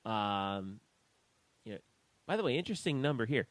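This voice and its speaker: A man co-hosting a sports talk podcast, reading out statistics in a slow, measured way. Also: on the low side, big pitch swings, no room sound. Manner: reads out stats in a slow, measured way. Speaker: podcast co-host.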